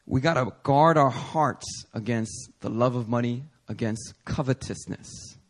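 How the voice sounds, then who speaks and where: A male pastor preaching a sermon in a playful, animated way with casual slang. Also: medium pitch, a little slow.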